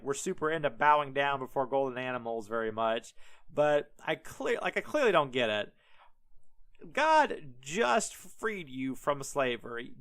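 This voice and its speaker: A man's voice: on the high side, smooth. A man hosting a podcast who retells scripture in a casual, irreverent, profane way, full of "like" and asides. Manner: animated, irreverent, profane, many fillers. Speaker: podcast host. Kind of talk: casual comedic Bible retelling.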